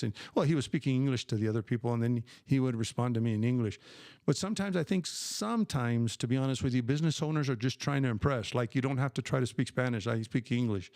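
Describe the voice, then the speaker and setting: A man's voice: mid-range voice, darkish tone, no room sound, studio quality. An older man chatting casually on a live stream, rambling with many fillers and restarts.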